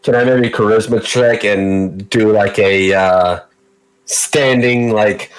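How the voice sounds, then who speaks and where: A man's voice: fairly low pitch, fairly even intonation, slow, clear, resonant tone, poor audio. A man playing a tabletop game, hesitant and playful as he describes actions. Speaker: player. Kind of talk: casual tabletop play.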